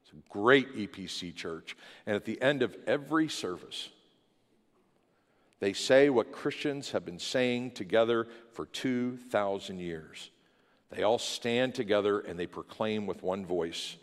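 A man's voice: fairly low pitch, a little slow. Impassioned male preacher in reverberant church. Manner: impassioned preaching that swells to loud declarations. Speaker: pastor. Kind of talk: sermon. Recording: long hall reverb in a church.

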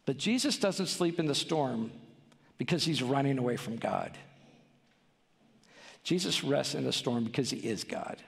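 Gravelly preaching man in reverberant church. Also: mid-range voice, lively intonation, unhurried, pauses often. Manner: preaches with rhetorical questions and rising, pleading emphasis. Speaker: pastor. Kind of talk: sermon. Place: church sanctuary. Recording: long church hall reverb.

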